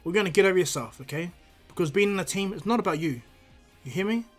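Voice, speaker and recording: A man voicing a blunt, quick-tempered teenage ninja boy who lectures and scolds in a bossy way. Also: sits high, expressive, soft background music. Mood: scolding. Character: blunt hot-headed teen ninja boy.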